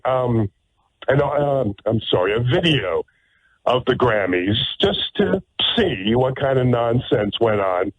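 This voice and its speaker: A man's voice: mid-range voice, breathy edge, dry recording. A man hosting a talk radio show, delivering a combative, sarcastic monologue full of restarts and asides. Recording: dry, tinny phone-like radio line.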